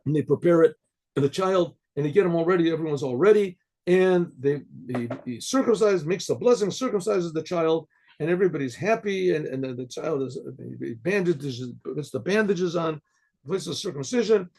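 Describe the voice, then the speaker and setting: A rabbi tells a story with frequent throat clearing and restarts. His voice sits high for a man, with a gravelly, husky grain. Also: animated, moderate pace, a little mellow.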